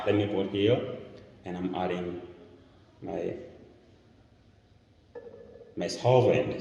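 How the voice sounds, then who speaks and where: A man's voice: deep voice, background noise. A man with a Tanzanian accent, explaining a chemistry lesson step by step as he demonstrates experiments. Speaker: chemistry teacher. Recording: echoey room, mic far off.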